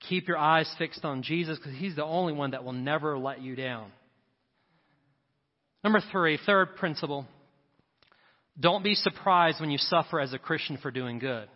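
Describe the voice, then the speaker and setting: Pastor preaching in a reverberant hall. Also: male voice, a little high. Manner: preaching with rising emphasis and quick asides. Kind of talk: sermon. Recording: dull sound with long hall reverb.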